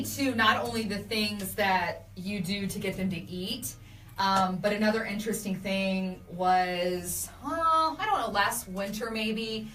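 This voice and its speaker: Chatty woman host, bright roomy sound. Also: medium pitch, recorded from a distance. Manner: chatty, animated storytelling with laughs. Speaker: radio host doing a live video. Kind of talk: casual live-stream chat reading comments.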